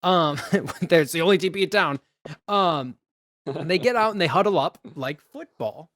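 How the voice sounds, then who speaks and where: A man's voice: on the high side, expressive, moderate pace, a bit bright. A man hosting a podcast, casually retelling a film's plot with quoted lines, fillers and frequent laughs. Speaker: podcast host. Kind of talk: casual movie recap chat.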